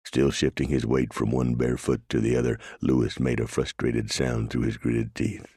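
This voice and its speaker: A man narrating a western audiobook in a steady, measured way. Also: rumbling low, husky, dry recording, clean studio sound. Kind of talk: scripted narration.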